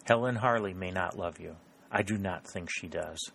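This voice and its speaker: A man's voice: sits low, normal speed, creaky, a bit bright, husky, heavily acted. A man reading the lines of a proud young woman who coldly refuses a suitor in an audiobook. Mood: firm. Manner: cold, level, firm.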